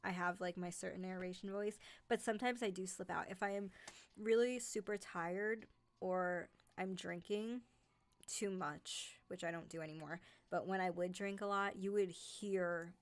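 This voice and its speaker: Chatty woman with a light New York accent. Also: lowish voice. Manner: chatty, many fillers like "like" and "um". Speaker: host of a horror narration channel. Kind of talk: casual livestream chat with viewers.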